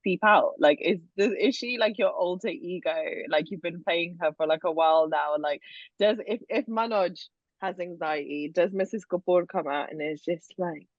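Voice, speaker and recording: A woman's voice: fairly low pitch, moderate pace, no echo, dull audio. A woman hosting a podcast interview, bubbly and enthusiastic in casual chat. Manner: bubbly, enthusiastic, lots of "amazing". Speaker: podcast host.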